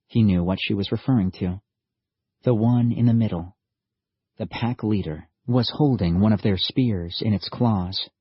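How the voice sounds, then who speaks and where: A man narrating an audiobook in a steady, measured storytelling manner. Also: lowish voice, breathy edge, no echo, dull audio. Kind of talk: scripted narration.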